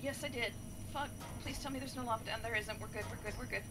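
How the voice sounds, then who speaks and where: A woman gaming streamer retelling a story in a chatty, animated way, with many fillers. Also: on the high side, quick pace, noisy background. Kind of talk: casual storytelling while playing a game.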